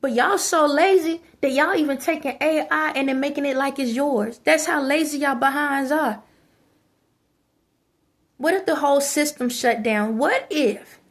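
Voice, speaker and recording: A high-pitched woman rants straight at her viewers. Her talk is preachy and scolding, hammering points home by repeating them. It is casual, unscripted vlog talk. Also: unhurried, long pauses. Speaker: vlogger. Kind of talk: ranting monologue to camera.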